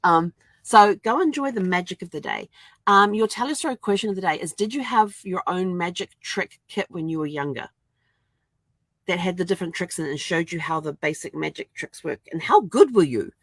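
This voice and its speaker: Chatty older woman, low voice. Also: a little fast, no echo. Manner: chatty, laughs often, animated quoting. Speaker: vlogger. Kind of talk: casual livestream chat. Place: inside an RV.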